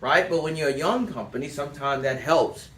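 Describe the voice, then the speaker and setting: A man's voice: a little high, a little fast, fairly bright tone. A man teaching a sales class, giving direct instructions and telling listeners to write things down. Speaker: sales trainer. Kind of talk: sales coaching talk. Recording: echoey room, distant mic.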